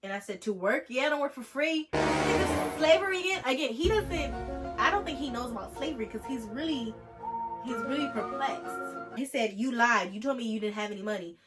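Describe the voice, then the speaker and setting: Talking briskly over loud music, a young woman vlogger with a voice on the high side tells a storytime tale. She's animated and sarcastic, often breaking into mocking imitations of those she quotes.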